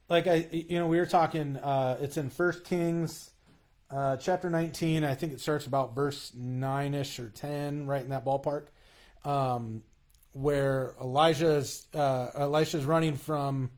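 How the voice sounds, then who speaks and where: A man's voice: mid-range voice, fairly even intonation, a little mellow. Guy chatting earnestly about faith, lots of stops and restarts, regular mid voice. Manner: earnest, halting, many restarts. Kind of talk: casual faith conversation.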